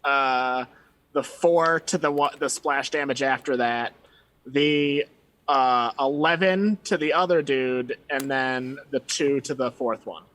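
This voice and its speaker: A man player at a tabletop game, calmly working through his numbers aloud. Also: mid-range voice, slow pace. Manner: methodical, tallying numbers aloud. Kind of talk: casual chat at a game table.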